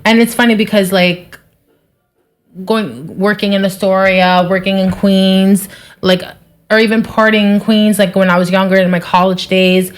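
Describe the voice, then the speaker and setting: A woman's voice: medium pitch, steady tone, normal speed. A young woman from New Jersey, a podcast guest, chatting casually and saying "like" a lot. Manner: chatty, says "like" often. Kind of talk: casual chat.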